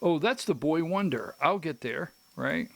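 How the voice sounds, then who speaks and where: Slow-talking man hosting a politics show. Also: fairly high pitch, very animated. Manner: rambling, self-interrupting, emphatic asides. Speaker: host.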